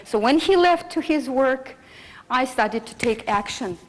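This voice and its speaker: A middle-aged woman from Russia with a Russian accent, telling a story in a lecture and acting out the dialogue with lively energy. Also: sits high, unhurried, low-quality recording. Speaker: speaker.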